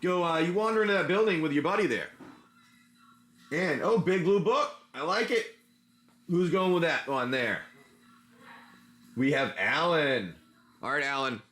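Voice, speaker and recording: A man's voice: fairly high pitch, expressive, a little slow, long pauses, a bit bright. A man hosts a laid-back trading card livestream, chatting to his viewers as he sorts cards. His talk rambles and loops back on itself, and he slips into spinning an adventure story off the cuff. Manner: rambling, chatty, talks while handling cards. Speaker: livestream host opening card packs. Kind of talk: casual livestream chat and improvised story narration.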